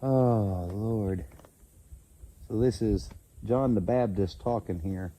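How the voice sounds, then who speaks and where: A man slowly reading Bible verses aloud and pausing to comment, stumbling over names and correcting himself. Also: lowish voice, warm tone, a little hiss or hum. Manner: slow, halting reading with self-corrections. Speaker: channel host reading scripture.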